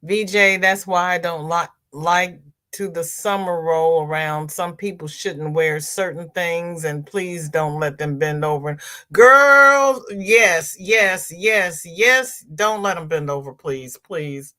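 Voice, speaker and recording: A woman's voice: low-pitched, fairly even intonation, a little slow, a bit bright. A woman hosting a crochet livestream, chatting casually as she reads viewer comments aloud and answers them.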